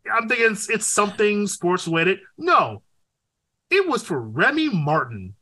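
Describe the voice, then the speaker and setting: Young male co-host, lively swinging pitch, bright edge, swears freely. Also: a little slow. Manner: animated, profane, breaks into loud exclaims. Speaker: podcast co-host. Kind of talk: casual chat.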